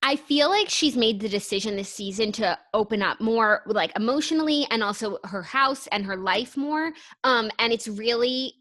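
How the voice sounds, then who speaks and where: Bright-voiced young woman chatting. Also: a little high, lively intonation, moderate pace, hardly any pauses. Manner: enthusiastic, chatty, filler-heavy. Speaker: podcast co-host. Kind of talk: casual chat.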